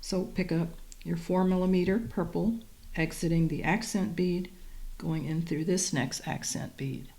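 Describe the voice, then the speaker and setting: Low gravelly woman teaching beading. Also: measured pace. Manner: calm, methodical, talks while working. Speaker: beading instructor. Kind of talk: step-by-step craft tutorial.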